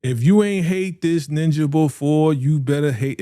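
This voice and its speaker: A man with runs a live reaction stream. He talks in a mellow, warm voice and swings from loud hype to low mutters while he reads out viewer comments. The sound is close and dry. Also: normal speed, dry recording. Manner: animated, slangy, reads viewer comments aloud. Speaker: reaction show host.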